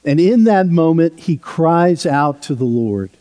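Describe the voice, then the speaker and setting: Storytelling preacher in a reverberant hall. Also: male voice, fairly high pitch, lively intonation, a little slow. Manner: conversational storytelling with sudden soft drops. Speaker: pastor. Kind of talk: sermon. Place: church sanctuary.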